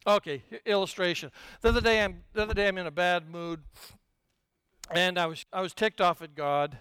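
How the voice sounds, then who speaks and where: Older man, preaching, high voice, smooth resonant tone, dry close sound, storytelling with humor. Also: fairly quick, dry recording. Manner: dynamic, swings from hushed to shouting. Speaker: pastor. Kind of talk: sermon.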